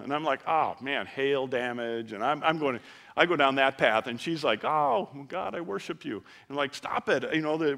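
A man's voice: on the high side, a bit bright. A male pastor preaching a sermon in a conversational, joking way, acting out quotes during a church service.

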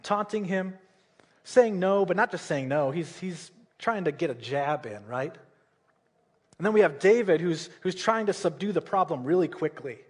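A man's voice: high-pitched, lively intonation, moderate pace, breathy edge. A man preaching a sermon, retelling a Bible story in a casual way and often checking in with "right?" and "okay?".

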